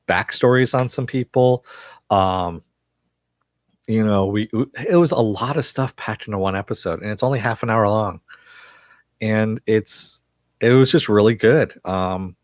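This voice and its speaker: A man's voice: lowish voice, no room sound, clean studio sound. A man casually recapping a TV episode for viewers, rambling with frequent fillers and chuckles. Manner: reads viewer chat aloud. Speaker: TV episode reviewer.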